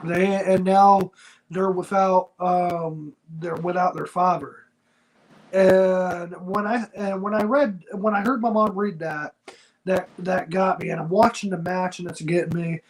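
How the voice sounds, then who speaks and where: A man's voice: sits high, fairly even intonation, a little slow, low-quality recording. A man co-hosting a wrestling review podcast, talking in an earnest, heartfelt, slangy casual chat. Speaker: wrestling show co-host.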